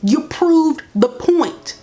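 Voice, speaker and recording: A woman's voice: high voice, expressive, extremely slow, mellow. A young woman vlogging casual commentary while doing her makeup, blunt, sarcastic and exasperated.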